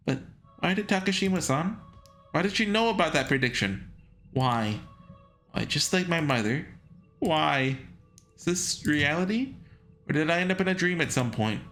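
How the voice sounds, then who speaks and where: Guy reading as a scared young dude freaking out, kinda high, pitch all over. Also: a bit bright. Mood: frantic. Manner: panicked self-questioning, rising to frantic. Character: young man, frightened protagonist unsure what is real.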